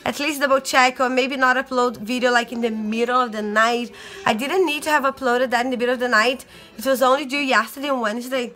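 A woman's voice: high voice, fairly even intonation, fairly quick, sharp tone, soft background music. A young woman, a stay-at-home mom, chatting casually to viewers in a home vlog while sick and tired. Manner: chatty, addresses viewers as guys. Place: home, indoors.

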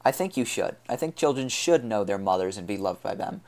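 A man's voice: lowish voice, expressive, brisk, darkish tone. A man reading the part of a troubled young woman in an audiobook, with a trembling, scornful delivery. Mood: bitter.

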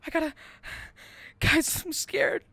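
A woman doing gameplay commentary, swearing freely and slipping into melodramatic mock-heroic monologues with bursts of yelling. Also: takes it slowly, no echo. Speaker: gamer.

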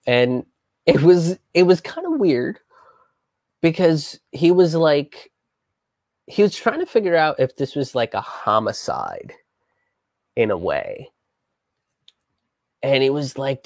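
Halting man telling a personal story. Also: medium pitch, wildly swooping pitch, creaky, darkish tone, dry recording, clean studio sound. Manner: halting, with many restarts and swearing. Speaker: comedian telling a personal story on a live stream. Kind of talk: casual storytelling on a live stream.

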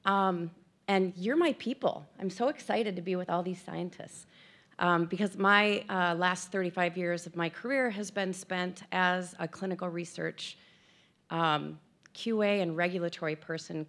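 A woman in her fifties speaks frankly and with self-deprecating humor in personal remarks at an event. Her voice sits a little low, with a gravelly texture. She is tearful and emotional as she talks. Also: a little slow, a bit bright. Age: 50s.

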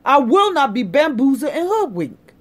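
Emphatic woman ranting, high lively voice. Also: normal speed. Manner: emphatic, sarcastic, repeats herself for effect. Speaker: vlogger. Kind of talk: impassioned political rant.

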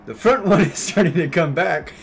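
A young man chatting casually over gameplay, telling a story full of swearing and fillers, and getting loud and worked up at the game. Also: fairly high pitch, normal speed, vocal fry, soft background music. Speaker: gaming YouTuber.

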